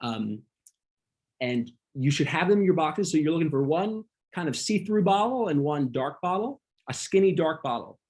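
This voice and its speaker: A man leading a casual online wine class, talking through slides with a relaxed manner and frequent ums. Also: fairly high pitch, normal speed. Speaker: wine workshop instructor.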